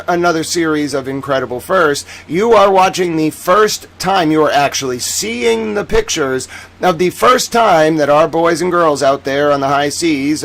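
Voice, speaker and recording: Theatrical, sarcastic man with a higher voice. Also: fairly bright tone. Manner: theatrical, sarcastic, swings between booming and muttering. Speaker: host. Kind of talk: livestream news commentary. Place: home studio in Boston.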